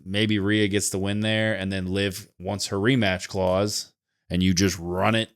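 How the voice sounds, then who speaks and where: A man's voice: sits low, level tone, unhurried, clear, resonant tone. A man co-hosting a podcast, casually giving his opinions and thinking aloud with frequent hedges. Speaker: podcast co-host. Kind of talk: casual wrestling opinion chat.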